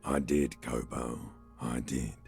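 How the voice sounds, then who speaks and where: An actor voicing a scarred dead male mercenary in a game, speaking in a deep, gravelly, slow and teasing voice. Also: steady tone, a little mellow, faint music behind, exaggerated voice. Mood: tender. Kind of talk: game voice acting.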